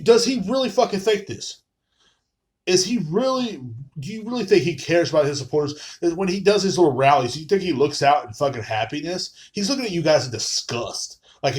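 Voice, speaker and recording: A man's voice: on the high side, animated, brisk. A young man, ranting profanely in a casual, rambling monologue full of fillers as a podcast host. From Texas.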